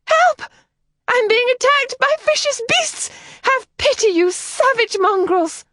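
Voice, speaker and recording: A wild and cheerful nineteen-year-old girl, shrill and theatrical, her voice leaping far above the reader's own, as a woman puts her on. Her lines bounce and swoop, close to the mic. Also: very animated, a little fast, no echo. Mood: shrieking.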